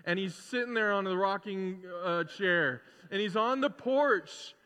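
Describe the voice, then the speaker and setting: A man's voice: sits high, unhurried, smooth, long reverb tail. A man preaching a sermon in a casual, conversational way, acting out the characters as he retells a story. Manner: animated, acts out characters, conversational asides. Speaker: pastor.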